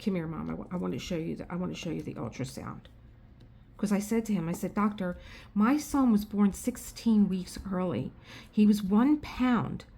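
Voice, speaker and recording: A middle-aged woman telling a story in casual chat, animated, quoting others and often restarting her sentences. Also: mid-range voice. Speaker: craft vlogger.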